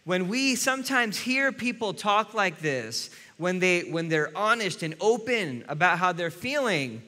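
A man's voice: high-pitched, expressive, unhurried, bright, forceful tone, in a large hall. A man preaching a sermon as a pastor, earnest and speaking directly to his listeners.

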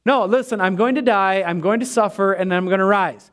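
Jesus speaks as a patient male teacher, earnest and insistent, as a preacher puts him on in a sermon. The high voice presses the same point again and again. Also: brisk, a bit bright.

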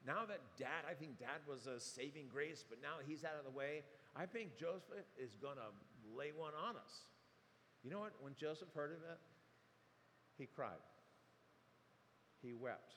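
A man's voice: on the high side, moderate pace, fairly bright tone. A man preaching a sermon, retelling the story animatedly and acting out quotes. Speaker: pastor. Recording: long hall reverb, faint room noise.

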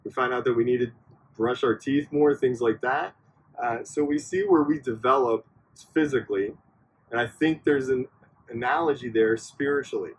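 A man's voice: medium pitch, moderate pace, slight background noise, low-quality recording. A man giving a casual, conversational sermon to a youth group, often checking in with his listeners by asking "right?". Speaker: youth minister. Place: church backyard outdoors.

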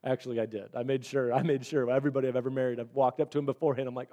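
A man's voice: mid-range voice, level tone, very fast, mellow. A male pastor preaching a sermon in a chatty storytelling manner, often restarting his sentences. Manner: conversational storytelling with repeated restarts.

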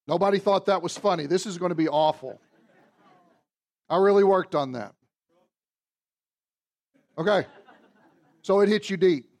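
A man with a high, bright voice delivers a sermon from the pulpit. He surges to loud, emphatic lines and drops to soft, confiding asides, talking straight to his congregation. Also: a little slow, pauses often. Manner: animated preaching, swings from loud emphasis to quiet asides. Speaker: pastor. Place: church.

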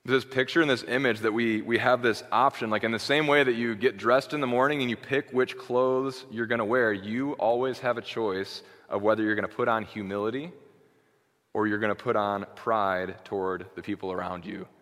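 A man's voice: on the low side, fairly even intonation, normal speed, a bit bright, big-room sound. A male pastor preaching a sermon in a conversational way, checking in with "okay" and restarting phrases.

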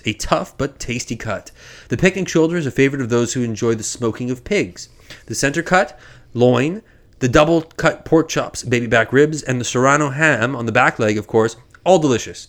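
A man's voice: medium pitch, natural voice. A man from acting out a theatrical male gun dealer who sells weapons as cuts of pork, with grand showman patter and a mock French flair.

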